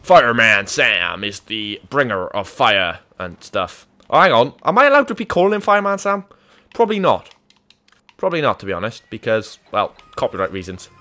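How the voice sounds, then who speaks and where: A man's voice: medium pitch, big pitch swings, normal speed, pushed and bright. A young man giving crude, joking commentary over a video game, swearing often. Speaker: gaming YouTuber.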